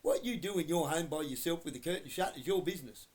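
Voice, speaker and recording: A man giving a blunt, heavily profane rant to camera that keeps flaring into shouting. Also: a little high, animated, fast talker. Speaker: vlogger.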